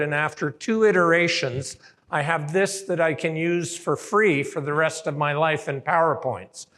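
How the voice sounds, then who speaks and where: A man from Canada delivers a conference keynote at a slow, deliberate pace. His voice sits slightly high, and he draws the audience in with questions. The sound carries the long reverb of a big hotel hall. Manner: lively, asks the audience questions. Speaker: keynote speaker.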